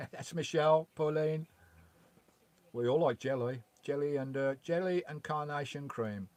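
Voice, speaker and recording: A man's voice: fairly high pitch, a little slow, a little mellow, dry recording. A man chatting casually on a live stream from his campervan, reading out chat messages in a rambling way with mild swearing. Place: parked in a campervan.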